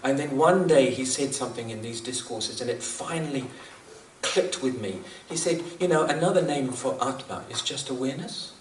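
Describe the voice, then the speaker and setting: A man's voice: mid-range voice, normal speed, slight background noise. A man sharing spiritual teachings in a reflective talk, earnest and prone to repeating himself. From New Zealand. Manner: earnest, repeats himself, chuckles at his own jokes. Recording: echoey room, speaker far from the mic.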